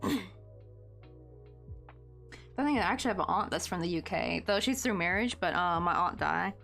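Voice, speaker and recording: A woman's voice: lowish voice, lively intonation, fast talker, vocal fry, a bit bright, faint music behind. A young woman with a Southern Tennessee accent chats at her desk while crocheting, rambling with lots of fillers as she answers viewers. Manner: chatty and rambling, full of "like" and "um", answering viewer chat. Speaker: crochet live streamer. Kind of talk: casual chat while crafting on stream.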